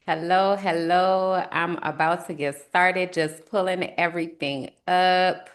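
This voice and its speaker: A woman's voice: fairly low pitch, steady tone, takes it slowly. A woman hosting a live-streamed podcast episode in casual chat, upbeat and chatty, greeting her viewers. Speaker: podcast host on a livestream.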